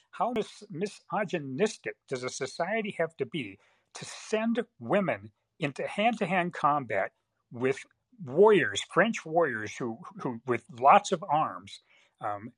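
A man calling in to a podcast, talking haltingly with many fillers and restarts as he hunts for words. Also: fairly high pitch, husky, no room sound, poor audio. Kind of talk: casual call-in talk.

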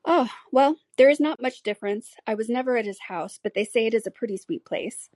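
A woman's voice: a little high, brisk, darkish tone, no room sound, pitched above the performer's own voice, natural voice. A woman voicing a giddy, chattering young society wife in an audiobook, gushing breathlessly. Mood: gossipy. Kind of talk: audiobook character reading.

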